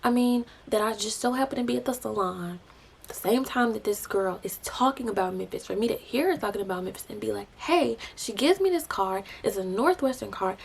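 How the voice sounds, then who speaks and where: A young woman tells her testimony in an emotional vlog. She shifts between animated storytelling and breathy, hushed asides. Her voice sits mid-range with a gravelly edge, and faint hiss runs under the recording. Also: mid-range voice, fairly quick. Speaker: vlogger sharing a faith testimony.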